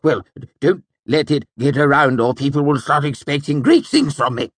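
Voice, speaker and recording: A man voicing an excitable, short older nobleman who talks animatedly. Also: on the high side, moderate pace, breathy edge, no echo, voice pushed up. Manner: giddy, animated, gesturing wildly.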